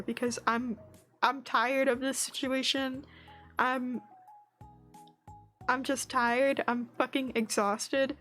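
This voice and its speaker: A woman's voice: high-pitched, fairly bright tone. A woman streamer in casual chat, telling an angry story full of swearing and frequent laughs, on a streaming mic. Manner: laughs often between lines.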